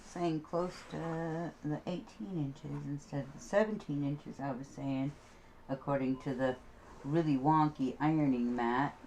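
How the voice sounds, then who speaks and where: A woman's voice: deep voice, fairly even intonation, measured pace, warm tone, a little hiss or hum, rough recording. A middle-aged woman talking casually about her quilting as she works, chatting and humming to herself. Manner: chatty, hums and sings to herself while working. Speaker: quilting vlogger. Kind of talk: casual crafting talk while sewing.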